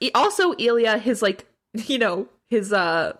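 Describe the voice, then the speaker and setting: A woman co-hosting a podcast, talking in an animated, rambling way full of fillers. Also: fairly high pitch, measured pace. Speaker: podcast co-host. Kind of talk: casual chat recapping a TV episode.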